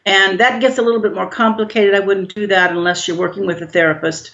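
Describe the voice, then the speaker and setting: A woman guest explaining emotional healing in a calm, measured, gently instructive way. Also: medium pitch. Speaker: guest expert on healing shame. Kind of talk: explanatory interview answers. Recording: dull lo-fi audio.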